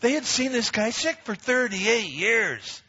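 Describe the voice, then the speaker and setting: A man's voice: extremely high pitch, sing-song, a little slow, sharp tone, husky. A middle-aged man pastor preaching a sermon, emphatic, repeating phrases and acting out quoted voices. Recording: dull lo-fi recording.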